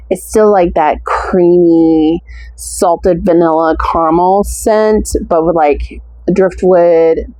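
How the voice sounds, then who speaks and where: This is a casual product review from an American woman going through a wax melt haul, her descriptions drawn out and gushing. Her lowish voice carries a warm tone, and the recording is rough but free of echo.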